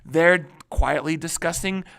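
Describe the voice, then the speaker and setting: Upbeat guy teaching history, talks to the class like friends, keeps saying right, pretty high voice. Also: unhurried, gravelly, clean tone. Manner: animated, joking, keeps asking "right?". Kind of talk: casual classroom lecture.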